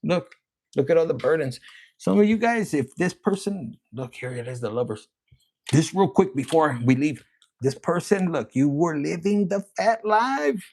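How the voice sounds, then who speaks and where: A gravelly, husky man talks through a tarot reading in a loose, rambling way. He swears constantly and gets excited as the cards come up. His voice sits a little high for a man. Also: moderate pace. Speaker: tarot reader.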